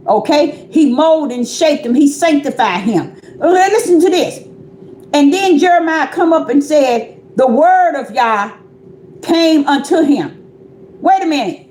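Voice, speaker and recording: A woman's voice: sits high, a little mellow, reverberant, a little hiss or hum. A woman preaching on a livestream, pressing her point with repeated rhetorical questions.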